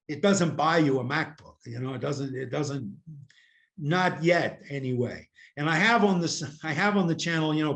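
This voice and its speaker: A man's voice: on the high side, fairly bright tone. An older man from the United States, a guest in a casual interview, talking at length in a rambling, self-mocking way with many fillers, picked up by a laptop microphone. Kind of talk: casual video-call interview chat. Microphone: laptop camera microphone.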